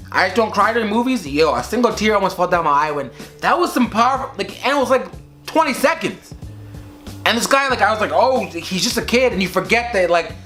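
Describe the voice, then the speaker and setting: An excitable man talks through a movie review at home, speaking fast and loose to his viewers and calling them guys. His voice sits high and sounds bright and forceful, with faint music underneath. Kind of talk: casual video review. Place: at home, filmed by his girlfriend.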